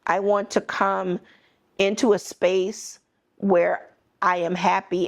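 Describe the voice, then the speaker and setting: Middle-aged woman podcast host, gravelly, candid storyteller, blunt and emphatic. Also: medium pitch, fairly even intonation, slow pace. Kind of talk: personal storytelling.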